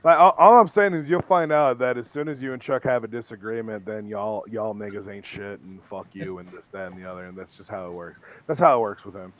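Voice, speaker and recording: A man's voice: lowish voice, a little fast, hardly any pauses, fairly bright tone. A man hosting a casual podcast, talking in a rambling, profane way with lots of restarts. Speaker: podcast host.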